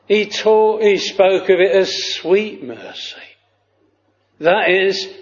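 A man preaching a sermon, slow and solemn, with old-fashioned scriptural phrasing, on a dull lo-fi recording. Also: sits high, long reverb tail.

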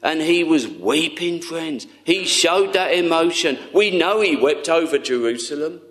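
Slow, tender-voiced male preacher. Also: a little high, lively intonation. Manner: earnest, tender, slow with long pauses, often dropping to a hush. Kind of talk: sermon.

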